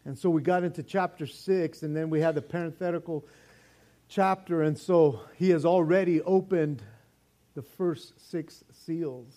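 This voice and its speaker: Older male pastor, fairly high voice, animated joking sermon delivery. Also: a little slow. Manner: animated, joking preacher with many restarts.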